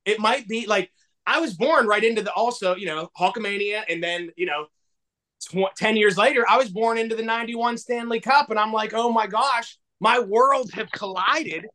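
A man from southwestern Pennsylvania, a podcast guest and toy collector, telling a story in a casual, animated way and acting out the dialogue. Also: a little fast. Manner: animated, acts out dialogue with big swings in pitch.

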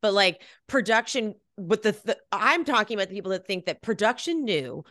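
Bright, animated woman chatting. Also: medium pitch, no room sound, studio quality. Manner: fast, animated, acts out others' lines, swears casually. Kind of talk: casual podcast chat about reality TV.

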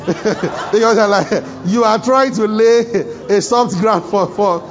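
High-voiced African pastor preaching. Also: male voice, takes it slowly, few pauses, lo-fi sound. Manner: humorous, chuckling often, acts out quoted dialogue. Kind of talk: sermon. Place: church service.

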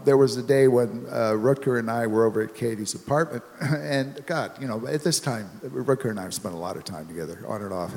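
A man's voice: mid-range voice, gravelly, darkish tone, long reverb tail. A man telling a rambling anecdote on a panel, chuckling and restarting his sentences. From United States. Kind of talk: anecdotal storytelling.

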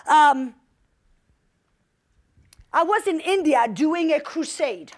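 A woman's voice: sits high, lively intonation, slow pace. A middle-aged woman preaching a sermon, telling a story with fervent emphasis and commanding outbursts. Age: young adult in 1994, now middle-aged.

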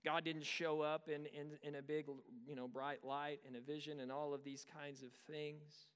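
A man in his thirties preaching a sermon in a high, smooth, resonant voice. He talks conversationally and tells a story, asking the listeners rhetorical questions. The sound rings with the long reverb of a large hall. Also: flat delivery, normal speed, a bit bright. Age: 30s. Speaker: pastor.

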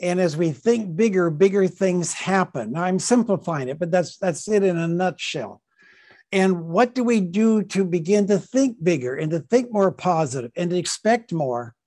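A man's voice: high voice, expressive, normal speed, darkish tone. A man answering as a podcast guest, emphatic and building up lists of repeated phrases. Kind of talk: interview answer.

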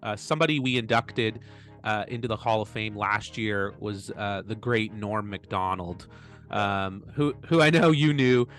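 A man's voice: fairly low pitch, a little slow, fairly bright tone, faint music behind. A man hosting a comedy podcast, introducing his guest and leading an interview. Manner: introduces guest then asks about stories. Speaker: podcast host.

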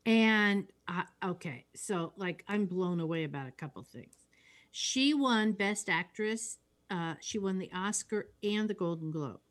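A woman co-hosting a casual film chat, agreeable and unhurried, often trailing off mid-thought. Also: mid-range voice. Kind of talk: casual chat about films.

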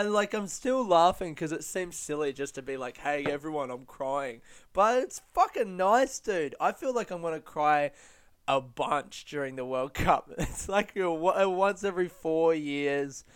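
A man's voice: a little high, unhurried, clear, resonant tone. Teary, laughing man hosting a podcast. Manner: loose, swearing, rambling and excitable. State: teary, laughing through tears. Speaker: podcast host. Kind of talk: casual solo podcast chat.

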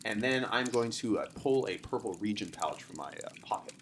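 A man's voice: fairly low pitch, expressive, fairly quick. A man playing a tabletop game, describing his character's actions in theatrical detail. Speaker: player. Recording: faint background noise.

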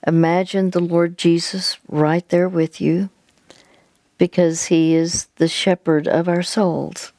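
A woman hosting a Christian call-in counseling show, gently coaching a caller and guiding her through slow deep breaths, with many halting restarts. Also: level tone, no echo. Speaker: radio counseling host.

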